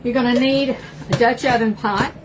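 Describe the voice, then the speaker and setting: An older woman from East Texas hosts a live cooking stream from her home kitchen, in a chatty, folksy Southern drawl. Her voice sits a little high, and a steady noise runs behind her. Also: moderate pace. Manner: chatty and folksy, says y'all a lot. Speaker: cooking livestream host. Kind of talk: casual live cooking chat.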